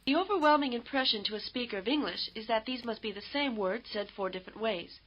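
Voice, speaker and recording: A woman giving scripted instructional narration for a language course, in a measured, explanatory way. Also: a little high. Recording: dull lo-fi tape audio.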